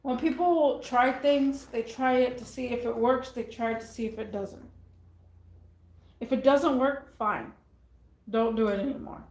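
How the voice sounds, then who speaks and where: Woman vlogger, casual talk to viewers, rambling and repetitive, slightly high voice, echoey room. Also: measured pace, a little mellow. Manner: rambling, repeats phrases.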